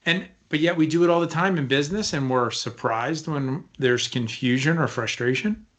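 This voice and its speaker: A man with a slightly higher-than-usual voice talks through leadership ideas on a podcast. He is animated and emphatic, often putting rhetorical questions to his co-host. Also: normal speed. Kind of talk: casual podcast conversation.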